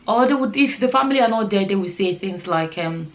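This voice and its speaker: A woman vlogger speaks straight to her camera in a casual, earnest way. Her voice sits at an ordinary middle pitch. She rambles with plenty of fillers and restarts. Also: animated, normal speed, gravelly, few pauses. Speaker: nurse and vlogger. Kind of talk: casual vlog talk to camera.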